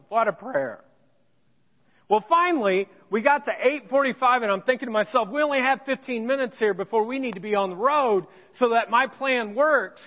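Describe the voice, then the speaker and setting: Man, pastor, high voice, sermon storytelling, self-deprecating humor, church hall reverb. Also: lively intonation, normal speed, lo-fi sound. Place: church sanctuary.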